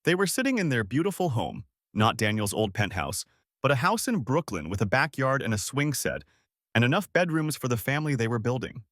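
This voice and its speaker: A man's voice: mid-range voice, a bit bright, no echo, studio quality. Man narrating a heartwarming story. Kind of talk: scripted narration.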